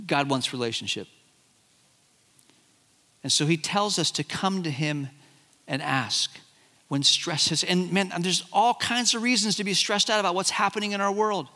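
A man preaching a sermon, animated and conversational, acting out Bible characters as he retells the story. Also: fairly high pitch, moderate pace, long reverb tail. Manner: animated, acts out Bible characters in quoted voices. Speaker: pastor.

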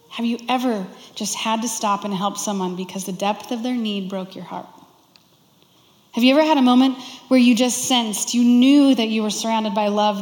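Woman pastor, fairly high voice, expressive conversational sermon, echoey church hall. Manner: expressive, conversational preaching with playful asides. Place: church sanctuary.

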